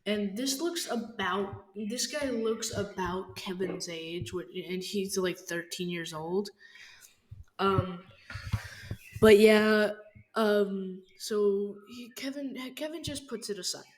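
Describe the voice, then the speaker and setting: A woman casually telling a story, halting and rambling with lots of fillers and restarts. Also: medium pitch, darkish tone. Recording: faint background noise.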